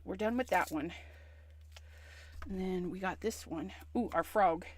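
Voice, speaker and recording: A woman's voice: fairly low pitch, a little slow, long pauses. A woman hosting a crafting livestream, chatting casually with viewers and murmuring to herself as she stamps.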